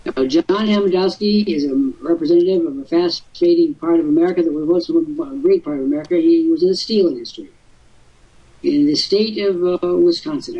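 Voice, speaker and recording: A man's voice: on the high side, recorded from a distance. An older man hosting a live webcast talk show, telling stories expansively with theatrical asides. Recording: husky voice from off-mic, muffled lo-fi audio.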